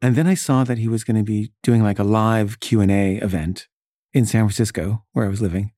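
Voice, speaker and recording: Chatty man with a mellow voice. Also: lowish voice, fairly even intonation, fairly quick, no echo, studio quality. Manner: chatty, lots of "like" and "you know" fillers. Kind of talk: casual anecdote. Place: San Francisco resident in the past, not now.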